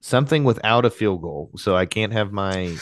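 A man co-hosting a casual sports podcast, an excitable fan who blusters about his team. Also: on the low side, normal speed, no room sound, studio quality. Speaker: podcast co-host.

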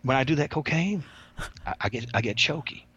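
A man's voice: medium pitch, lively intonation, brisk, sharp tone, husky, lo-fi sound, exaggerated voice. A man voicing an older male inmate who is easygoing and teasing, with a drawling, playful manner. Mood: rueful.

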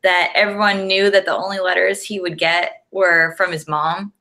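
A woman's voice: on the low side, little pitch movement, moderate pace, bright, forceful tone. A woman co-hosting a casual chat show, easygoing, laughing often and leaning on "like" as she talks. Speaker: podcast co-host.

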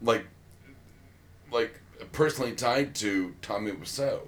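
A man with a voice on the low side co-hosts a podcast at a measured pace. He chats loosely, rambling through many fillers and restarts.

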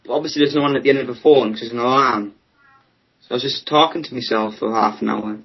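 A teenage boy of about fifteen, co-hosting a podcast, tells a rambling story to friends in casual chat, laughing at himself along the way. His voice is mid-range, quick, and husky, with a lo-fi sound.

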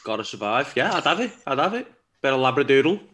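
A man's voice: mid-range voice, very animated, fast talker, fairly bright tone. A young man jokes cheekily on a podcast in a mid-range voice, saying provocative things to get a rise out of his mates. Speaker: podcast co-host. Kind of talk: casual banter.

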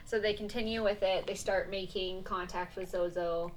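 A young woman co-hosting a podcast, chatting and giggling as she retells a ghost story, dropping to hushed tones and then getting loud. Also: medium pitch, fairly even intonation, moderate pace, slight background noise, low-quality recording. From Canada. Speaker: podcast co-host. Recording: unboosted mic with background chatter.

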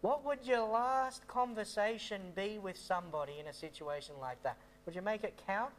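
A man's voice: high voice, normal speed, slight background noise. Rambling man telling a story. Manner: rambling, repeats himself, many fillers. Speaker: missionary. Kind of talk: storytelling testimony talk.

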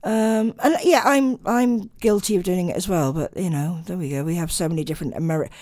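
A woman's voice: lowish voice, a little fast, a little mellow, no room sound. A tired woman hosting late-night radio, chatting and rambling with lots of ums. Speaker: radio host.

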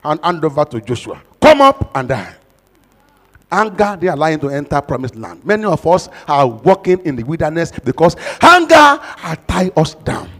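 A man with a Nigerian accent, a pastor who preaches with stories and then leads loud, fast prayer. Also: fairly high pitch, sing-song, big-room sound. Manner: tells a story, then prays loudly and fast in bursts. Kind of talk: sermon with storytelling and loud prayer.

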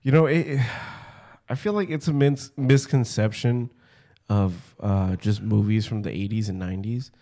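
A man's voice: measured pace, dark tone. A young man chatting casually as a podcast co-host, joking and often slipping into put-on voices. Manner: joking, swings into put-on posh or squeaky voices. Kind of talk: casual chat.

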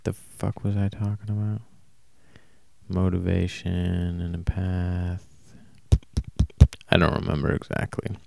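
A man talking alone in a casual, rambling monologue, flat and self-described as monotone, often stopping to correct himself. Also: low-pitched, takes it slowly, creaky, pauses often, background noise. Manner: casual, swears. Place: warm indoor room.

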